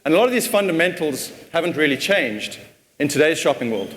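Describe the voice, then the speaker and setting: A man's voice: on the high side, animated, a little fast, slight background noise. A man giving a casual conference talk, often repeating words as he thinks. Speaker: conference speaker. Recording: long hall reverb.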